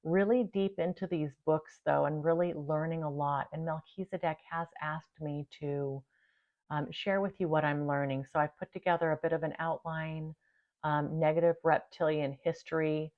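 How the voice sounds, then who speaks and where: A woman with a low voice talks casually to her channel's viewers, chatty and quick to laugh. She warmly thanks them as she goes. The recording sounds a little dull and lo-fi. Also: fairly even intonation. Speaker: channel host. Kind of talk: casual talk to camera.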